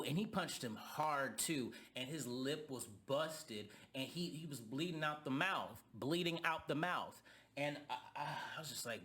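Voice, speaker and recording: A man's voice: on the high side, animated, a little fast, bright, forceful tone. Ranting, profane man reviewing reality TV. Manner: heated, profane, insulting. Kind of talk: ranting commentary.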